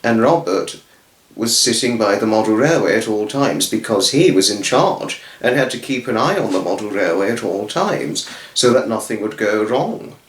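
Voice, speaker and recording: A man's voice: fairly low pitch, animated, moderate pace. A man reading a children's story aloud, rambling and often correcting himself. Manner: rambling, with frequent self-corrections. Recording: roomy echo.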